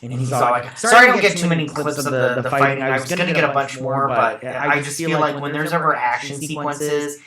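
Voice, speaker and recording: A man's voice: mid-range voice, fairly quick, few pauses, roomy sound, crowd noise. A man hosting a casual episode recap, rambling with lots of fillers and restarts. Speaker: show host.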